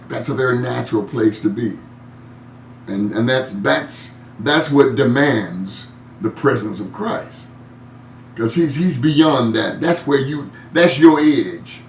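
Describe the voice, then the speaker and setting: A man leads a Bible study in a relaxed, conversational way, chuckling as he goes and doubling back on his words. He reads a verse aloud and then talks it through. He is recorded from some way off in a reverberant church room, with a faint hum underneath. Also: medium pitch. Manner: chuckles often and repeats words while searching for the point. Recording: echoey room, mic at a distance, faint hum.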